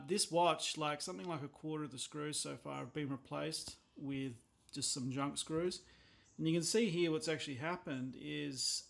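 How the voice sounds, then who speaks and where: Gravelly, blunt Australian watchmaker. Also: male voice, on the high side, fairly bright tone. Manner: blunt, exasperated, swears when annoyed. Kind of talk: casual workbench commentary.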